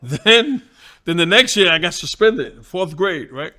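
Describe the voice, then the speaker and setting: An older man, a former boxer, telling stories in casual chat, animated and profane, acting out voices and sounds as he goes. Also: sits high, a little slow. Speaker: guest, former boxer and trainer.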